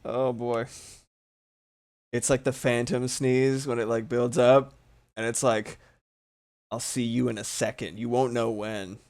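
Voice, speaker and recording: While drawing on a live stream, a man chats casually and rambles, swearing freely, poking fun at himself, and yawning now and then because he's sleepy. His voice is medium-pitched, level, unhurried, and a little mellow, with frequent pauses.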